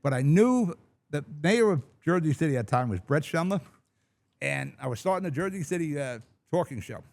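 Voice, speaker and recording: Blunt, rambling middle-aged radio host. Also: male voice, a little high, lively intonation, a little fast, vocal fry, darkish tone. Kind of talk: talk radio monologue. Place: large studio.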